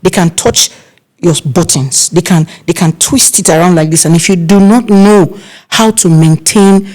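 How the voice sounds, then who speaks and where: A middle-aged Nigerian woman, an event planner being interviewed, telling stories in a casual, animated way and acting out other people's voices. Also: normal speed. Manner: animated, acts out quoted voices with big pitch jumps.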